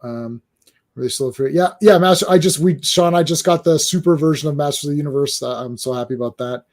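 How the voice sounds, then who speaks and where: A man hosting a casual comic book chat, animated and often acting out dialogue. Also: on the high side, fast. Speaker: podcast host.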